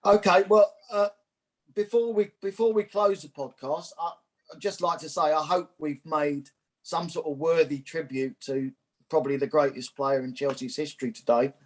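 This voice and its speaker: A male podcast host closing the episode in a measured, slightly hesitant, polite way. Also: fairly high pitch, fairly even intonation. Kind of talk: podcast wrap-up.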